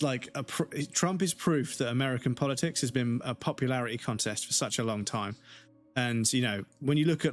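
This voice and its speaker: A man's voice: mid-range voice, dry recording. A man streaming a game, ranting heatedly in casual chat and swearing constantly.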